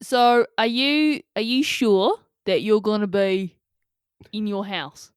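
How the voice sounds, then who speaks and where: A woman's voice: mid-range voice, takes it slowly, clear, resonant tone, dry recording, studio quality, close to an everyday voice. A woman playing a laid-back caller who uses casual slang like "mate".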